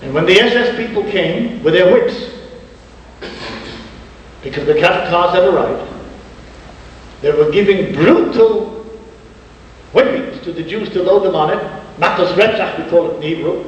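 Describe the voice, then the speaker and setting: A rabbi telling stories in a sermon, earnest, slowing down with dramatic pauses. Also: male voice, high voice. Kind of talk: emotional storytelling sermon. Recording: distant, dull echoey hall.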